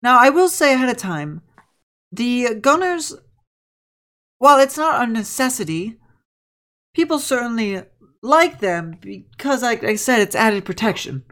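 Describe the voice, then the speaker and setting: A woman's voice: fairly high pitch, very animated, unhurried, pauses often, a bit bright, pitched above the performer's own voice. A woman voicing a cheerful, fussy female professor who talks in prim, overly polite, formal phrasing.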